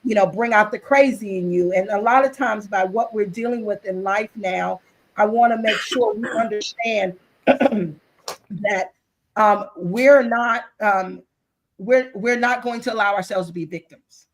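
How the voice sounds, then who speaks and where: A woman at a middling pitch, talking over a video call as a guest on an interview show. She speaks with earnest, faith-driven conviction. She often circles back, restarting phrases and repeating words as she builds her point. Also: unhurried, rough recording. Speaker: guest author and business executive. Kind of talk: impassioned interview talk.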